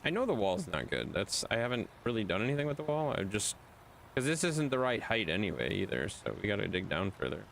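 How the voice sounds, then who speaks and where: A man streaming a game live, joking and swearing with his friends in lively banter. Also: on the low side, brisk, vocal fry, slight background noise. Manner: excitable, profane, joking.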